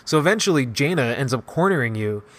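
Excited rambling man recapping a game. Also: mid-range voice, quick pace. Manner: excited, rambling, heavy use of "like". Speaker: gaming video host. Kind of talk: casual game story recap.

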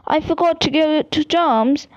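Woman putting on a high, squeaky, anxious teen girl for a storybook reading. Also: measured pace, no room sound, lo-fi sound. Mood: flustered. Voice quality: shrill, squeaky. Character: anxious overworked schoolgirl, shrill and fretful.

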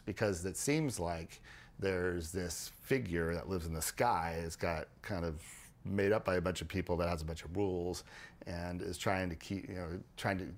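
This male podcast host, whose voice sits low, lays out ideas in a loose, lively style marked by frequent restarts and repeated words.

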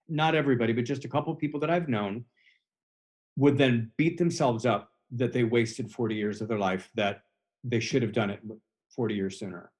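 A man in the host's chair who coaches more than he chats. He talks earnestly at a mid pitch and loops back over his own phrases to press a point home. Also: fairly even intonation, a little fast. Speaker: host. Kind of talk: recovery podcast conversation.

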